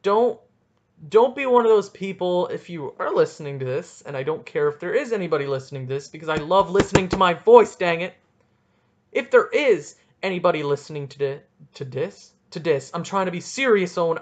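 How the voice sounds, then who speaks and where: A man's voice: on the high side, animated, a little fast, highs cut off. A young man hosting a solo podcast, ranting and rambling with goofy, self-mocking asides. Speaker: podcast host.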